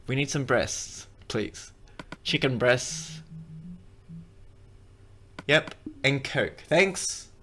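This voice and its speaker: A man's voice: mid-range voice, lively intonation, extremely slow, long pauses, sharp tone, slight background noise. A man giving a casual, rambling game tutorial, cracking jokes and correcting himself as he plays. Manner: rambling, joking, self-correcting. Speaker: gaming video creator.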